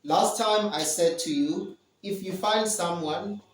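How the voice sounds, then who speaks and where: A man's voice: high-pitched, distant mic. A man leads an online English lesson for small children. He repeats key phrases patiently and checks in with "all right" again and again. His voice sits back from the mic in a roomy space. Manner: slow, repetitive drilling, frequent "all right". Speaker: English teacher. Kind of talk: online lesson for young learners.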